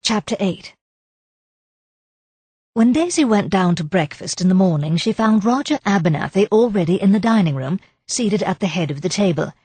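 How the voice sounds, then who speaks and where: A woman narrating an audiobook of a period mystery in a measured, expressive way. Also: medium pitch, breathy edge, dry recording. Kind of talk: scripted narration.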